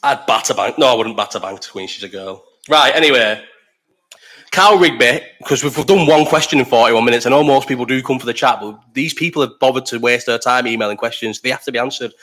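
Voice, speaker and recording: A man's voice: mid-range voice, fast, a bit bright. A young man with a Bolton accent hosting a casual live stream chat, blunt, sweary and opinionated, jumping from topic to topic. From Bolton, England.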